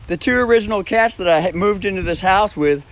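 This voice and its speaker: A man's voice: high-pitched, fairly quick, slight background noise. A man telling a rambling story at his home, laughing often between phrases and swearing freely. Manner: rambling with frequent restarts. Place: at his own home, by a backyard shed.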